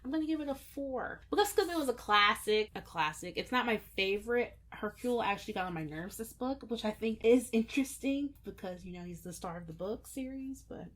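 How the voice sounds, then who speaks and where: A woman's voice: fairly high pitch, lively intonation, brisk, few pauses. A young woman co-hosting a book vlog, chatting in an easygoing, enthusiastic way about what she read. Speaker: book vlogger, co-host. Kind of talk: casual book chat.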